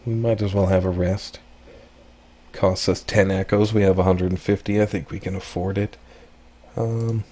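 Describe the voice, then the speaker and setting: A man hosting a let's play, casually reading game text and thinking aloud with relaxed asides. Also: deep voice.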